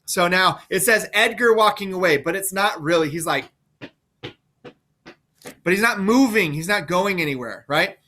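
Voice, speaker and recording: A man's voice: sits high, moderate pace, long pauses, bright, forceful tone, a little hiss or hum. A male teacher casually explaining a play to students, often checking in with "right?".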